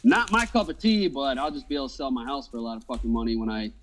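A man's voice: mid-range voice, big pitch swings, quick pace, a bit bright, a little hiss or hum. A man co-hosting a podcast in casual chat, blunt and ranting with constant swearing. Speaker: podcast co-host.

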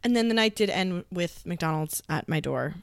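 A woman's voice: fairly low pitch, lively intonation, normal speed, creaky, dry recording. A woman co-hosting a podcast, telling a candid, amused story in casual chat. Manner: candid storytelling with frequent laughs. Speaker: podcast co-host.

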